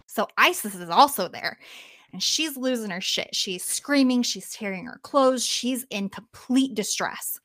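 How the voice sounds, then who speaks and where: A woman hosting a podcast who retells a myth in a lively, casual way, swearing now and then. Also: on the high side, a little slow, dry recording. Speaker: podcast host. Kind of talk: casual storytelling.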